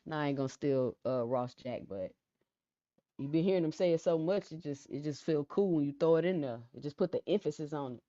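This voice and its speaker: Low-voiced woman hosting a casual livestream. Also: a little fast, dry recording. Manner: repeats phrases, reads out chat comments; calm, low-key delivery. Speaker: livestream host. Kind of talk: casual live-stream chat. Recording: dull lo-fi sound, dry.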